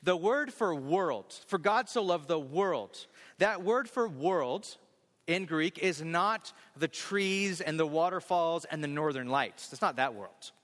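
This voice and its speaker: A male pastor preaches with emphasis, circling back on key phrases and stretching out the verses. His voice sits a bit high for a man and rings with long reverb through a large church hall. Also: expressive, fairly bright tone. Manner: emphatic, repeats key phrases, slows on scripture. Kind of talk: sermon.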